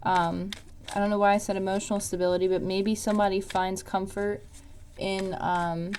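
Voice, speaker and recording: A woman's voice: medium pitch, flat delivery, normal speed, darkish tone, a little hiss or hum. A woman giving a casual tarot reading, rambling with lots of "um" and "like". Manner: rambling, many fillers like "um" and "like". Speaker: tarot reader.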